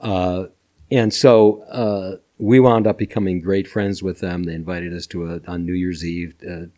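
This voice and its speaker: Older guy telling stories on a podcast, kinda low voice, laughs a lot. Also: measured pace. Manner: animated, laughs often, acts out voices. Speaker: guest, former music manager. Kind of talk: anecdotal storytelling.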